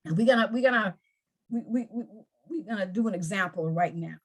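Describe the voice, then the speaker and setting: A woman's voice: mid-range voice, a little fast. A woman anger management coach in an interview, explaining earnestly with examples and often repeating words.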